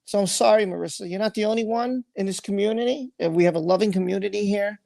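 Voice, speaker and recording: A man's voice: sits high, fast talker, vocal fry, a little mellow, no room sound. A man hosting a livestream, reading out viewer comments and talking in an earnest, emotional way, repeating himself and swearing freely. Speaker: livestream host.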